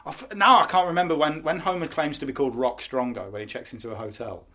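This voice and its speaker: A man's voice: a little high, fast, bright, forceful tone. A man hosting a podcast, chatting in a casual, self-mocking way with the odd swear. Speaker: podcast host. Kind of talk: casual comedic chat.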